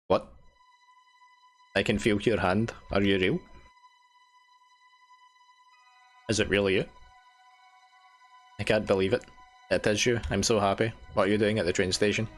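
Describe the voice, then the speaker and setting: A weary, long-tormented game character, as a man reads the lines aloud in a low voice. The delivery is earnest and tired. Faint music plays underneath. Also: lightly acted. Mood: emotional. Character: exhausted freed prisoner, tormented and hopeful.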